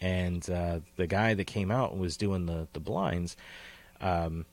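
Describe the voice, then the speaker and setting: A man's voice: deep voice, a little slow. A man co-hosting a casual podcast, rambling and profane, often trailing into tangents and laughing at himself. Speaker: podcast co-host.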